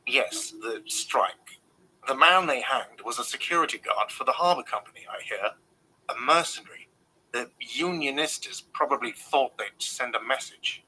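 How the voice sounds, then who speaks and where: A man's voice: mid-range voice, normal speed, bright, forceful tone, a little hiss or hum, poor audio. A man voicing a grumpy, irritable middle-aged male hostel manager in a video game, curt and defensive. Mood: grumbling. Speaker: game character.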